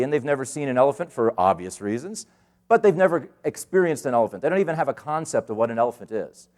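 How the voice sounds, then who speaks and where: A middle-aged man giving a conference keynote, telling stories in an animated way and acting out the voices of the people he quotes. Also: fairly high pitch. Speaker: keynote speaker. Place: conference hall stage.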